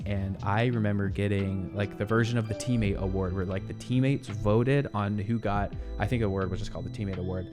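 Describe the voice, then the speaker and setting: A man in his twenties hosts a casual good-news show, chatting and reacting to video clips in an upbeat, rambling way and laughing frequently. His pitch is fairly low.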